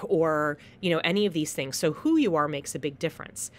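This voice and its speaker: Dry, low-voiced woman teaching theater. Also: brisk, few pauses, dry recording. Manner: acts out short quoted pleas and threats as examples. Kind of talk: recorded lecture.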